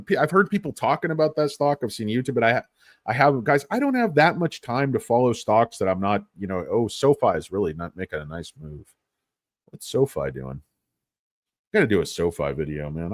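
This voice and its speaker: A man's voice: lowish voice, no room sound. Joking rambly guy on a stock stream, voice jumps all over, dry room. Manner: rambling, joking, bouncy delivery. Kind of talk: casual livestream chat.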